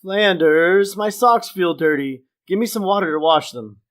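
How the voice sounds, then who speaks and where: A man voicing a bumbling, boastful middle-aged cartoon dad in a loud, exaggerated manner. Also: high-pitched, unhurried, pitched above the performer's own voice. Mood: grumbling.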